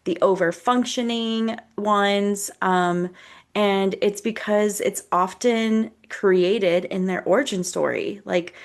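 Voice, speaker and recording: A thoughtful woman therapist co-hosts a wellness podcast in a mid-range voice. She reflects gently on childhood stories, pausing often with ums and likes as she invites listeners to look inward. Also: medium pitch. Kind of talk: casual podcast chat, reflective.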